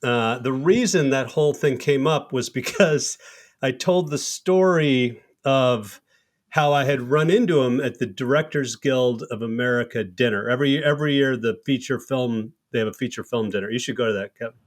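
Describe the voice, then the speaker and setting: A middle-aged man hosting a podcast, telling a lively anecdote. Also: mid-range voice, normal speed. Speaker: podcast host. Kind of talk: casual conversation.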